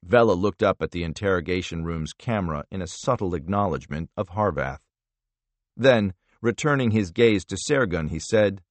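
A man narrating a thriller audiobook in a measured, expressive storytelling manner. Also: low-pitched, no echo.

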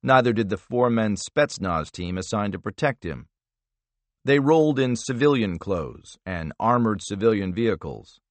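A male audiobook narrator with a lower voice, reading a thriller with measured storytelling. His pitch moves lively through the sentences. The recording is dry and close. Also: dry recording. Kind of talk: scripted narration.

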